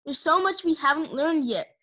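A woman's voice: high-pitched, lively intonation, moderate pace, sharp tone, voice pushed up. A woman voicing a bookish, gloomy young male dragon who lectures, in a storybook reading. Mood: lecturing.

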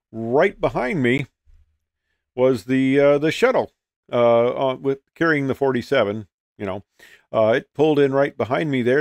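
A man's voice: mid-range voice, a little mellow, no room sound, clean studio sound. An older man and retired pilot telling a casual, folksy story, with many fillers and restarts.

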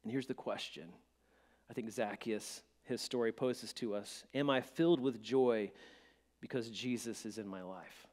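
A man preaching a sermon as pastor, dropping to a hush and then rising to emphatic peaks, with stammering restarts. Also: lowish voice, measured pace. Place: church sanctuary. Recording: long church-hall reverb.

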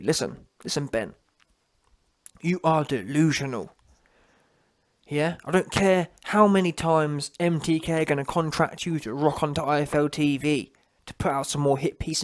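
A young man ranting mockingly as a channel host, slipping into a whiny voice to mimic people. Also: on the high side. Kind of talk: ranting commentary.

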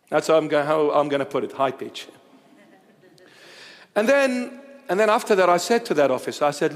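Male preacher, lively storyteller with humor, high pitch, echoing church hall. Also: normal speed, pauses often. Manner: animated storytelling with humorous asides. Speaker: bishop, preacher. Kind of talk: sermon. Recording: long church reverb.

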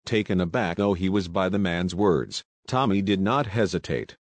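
A man narrating a novel aloud in a steady, measured reading voice. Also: sits low, dry recording. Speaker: audiobook narrator. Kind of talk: scripted narration.

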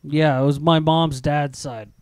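A man's voice: on the high side, steady tone, a little slow, a little mellow, smooth, no echo. A man in casual podcast chat, joking crudely and swearing freely. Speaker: podcast co-host.

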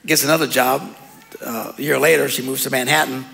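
A man's voice: medium pitch, fairly even intonation, fairly quick, creaky, sharp tone, a little hiss or hum. A man preaching a sermon as pastor, in a casual, joking way with frequent laughs. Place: church hall. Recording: long hall reverb.

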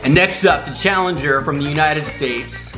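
A man's voice: on the high side, moderate pace. A man hosting a casual family vlog taste test, teasing and announcing each round like a game show. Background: background music.

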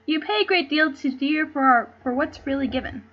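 A woman's voice: high voice, fairly quick, muffled recording, close to an everyday voice. A woman reading aloud the part of a loyal male courtier who speaks in ornate verse, stumbling now and then over the words. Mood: earnest. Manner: plain read-aloud delivery with stumbles.

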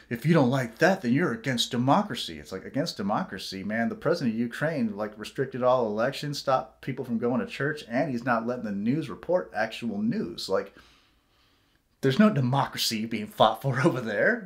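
A man rants to camera in a solo vlog, his voice pitched in the middle of the male range. He gets heated, swears freely and drifts off on tangents. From United States. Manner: heated, profane ranting with tangents and mocking quoted voices. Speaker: vlogger.

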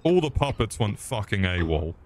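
A man's voice: fairly low pitch, big pitch swings, moderate pace, crowd noise. A man streaming a game with crude, mocking comic commentary.

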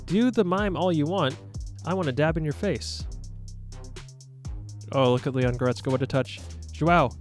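A young man narrates his football gameplay in a casual, self-mocking way, breaking into excited shouts when the action heats up. His voice sits a touch higher than most men's. Faint music plays quietly behind him. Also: moderate pace, long pauses. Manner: playful, self-mocking, excitable bursts while playing. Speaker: gaming YouTuber.

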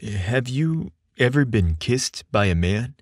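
A man's voice: mid-range voice, animated, takes it slowly, no room sound, clean studio sound. A man voicing a nervous, tender young man who speaks barely above a whisper. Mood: hushed. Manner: hushed, near-whispered delivery.

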